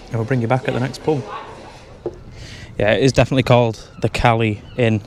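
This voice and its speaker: Handheld camera in hand, a travel vlogger wanders between pubs and streets, inside and outside, offering pub reviews laced with dry humour. His mid-range voice is a little mellow, with a steady tone and a fairly quick pace.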